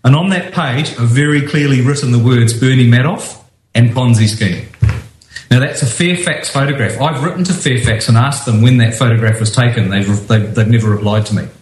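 A man's voice: medium pitch, moderate pace, echoey room, low-quality recording. A man, a guest on a talk radio show, arguing insistently with many restarts. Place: office.

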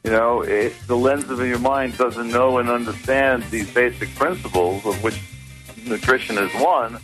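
Brief: older male guest doctor, mid pitch, steady lecturing delivery, faint music underneath. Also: rough recording. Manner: measured, lecturing tone. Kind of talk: radio interview.

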